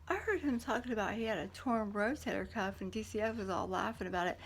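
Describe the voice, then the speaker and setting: A woman's voice: mid-range voice, brisk, slight background noise. A woman telling a long story in a casual vlog, rambling and profane, often acting out what others said. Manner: rambling, heated, profane, quotes others in dialogue. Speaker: parent recounting a custody court hearing.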